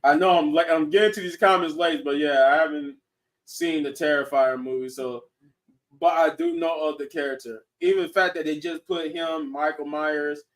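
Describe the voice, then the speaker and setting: A man hosting a podcast in casual chat, excitable and laughing often, restarting his sentences as he talks. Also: fairly high pitch, normal speed, far from the mic. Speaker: podcast host. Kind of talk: casual chat reviewing shows and movies.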